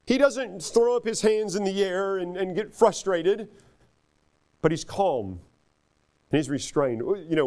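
A middle-aged pastor with a high voice delivers an earnest sermon. He eases into soft, slowed-down stretches, then pushes his voice up for emphatic points. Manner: earnest, swings from soft and slow to loud and emphatic.

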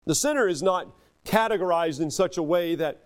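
A middle-aged man preaching a sermon as a pastor, earnest, moving between soft, slow passages and loud, emphatic ones. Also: a little high, expressive, smooth.

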